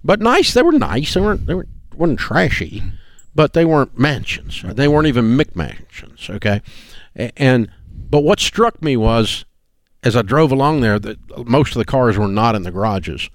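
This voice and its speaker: A middle-aged man, hosting a money talk show and telling a folksy story in a lively voice. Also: mid-range voice, normal speed, dry recording. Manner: folksy storyteller who puts on voices for quoted people. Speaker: radio show host.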